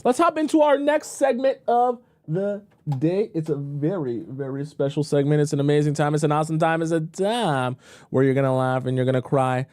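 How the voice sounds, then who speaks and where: A man running a casual dating-advice livestream and talking straight to his chat. His voice is mellow and warm, and it sits at an everyday middle pitch. He makes his points emphatically and repeats them, and the close-miked sound is dry. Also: moderate pace, no room sound. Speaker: dating coach and live-stream host. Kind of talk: casual live-stream advice talk.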